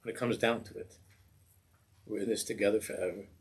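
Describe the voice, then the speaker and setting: A man's voice: fairly low pitch, brisk, slightly rough. A man, a rabbi, giving a sermon in a synagogue and telling a story, acting out the voices in it. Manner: animated storytelling, acts out voices in the tale.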